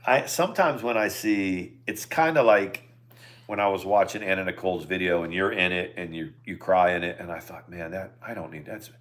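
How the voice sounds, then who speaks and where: A middle-aged man with a very low voice, chatting on a couple's live stream. He talks in an easygoing, halting way and keeps restarting his sentences. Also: a bit bright. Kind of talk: casual chat.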